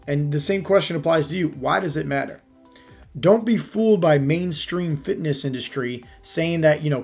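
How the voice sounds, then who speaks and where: Emphatic male fitness coach, higher voice. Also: creaky. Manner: emphatic, keeps checking in with "right?" and "okay?". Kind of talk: podcast monologue.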